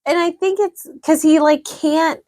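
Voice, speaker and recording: A woman's voice: very high-pitched, steady tone, unhurried, mellow, no room sound. A woman in her thirties co-hosting a podcast, talking casually and agreeably, explaining with many "like"s. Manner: agreeable, explaining, frequent "like" and "yeah". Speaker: podcast co-host. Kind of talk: casual chat.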